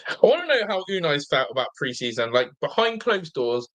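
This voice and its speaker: A young man hosting a live football watch-along, chatting excitedly, reacting to play and reading viewer comments aloud, with a slightly blocked nose. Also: on the high side, brisk. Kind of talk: live fan commentary and chat.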